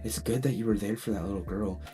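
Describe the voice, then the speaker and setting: A man voicing a gentle, caring young woman, speaking softly. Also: fairly low pitch, quick pace, music in the background, lightly acted.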